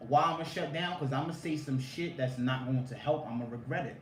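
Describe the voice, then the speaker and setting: A man's voice: medium pitch, a little fast, slight background noise. Slangy man in an echoey room. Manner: laid-back, slangy, laughs often. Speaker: co-host reading viewer comments. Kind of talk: casual couple chat. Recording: echoey room, mic at a distance.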